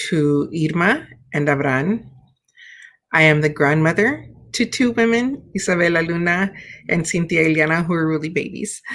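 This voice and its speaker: Earnest woman host, unhurried and calm. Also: low voice. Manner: warm, earnest, unhurried, counts breaths slowly. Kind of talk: livestream check-in show with guided breathing.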